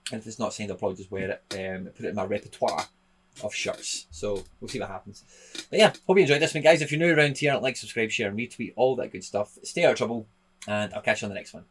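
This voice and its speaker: A man's voice: lowish voice, fairly bright tone. A man with a Scottish accent, chatting casually to viewers as a video host, rambling with lots of fillers and restarts. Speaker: YouTube host. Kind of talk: casual vlog talk.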